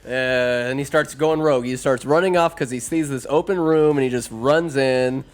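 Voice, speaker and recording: A man's voice: medium pitch, moderate pace. A man hosting a podcast, giving a rambling, crude and sarcastic comedic movie recap. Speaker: podcast host.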